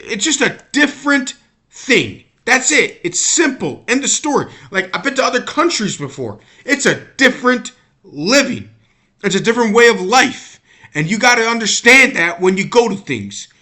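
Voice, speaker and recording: Man, high-pitched, bright tone, rambling sports rant, repeats himself, exasperated. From United States. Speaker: sports opinion vlogger. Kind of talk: casual monologue rant.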